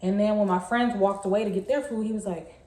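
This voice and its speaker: A young woman, telling a story in a chatty, animated way. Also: medium pitch, quick pace. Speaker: vlogger. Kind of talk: casual storytime. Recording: echoey room.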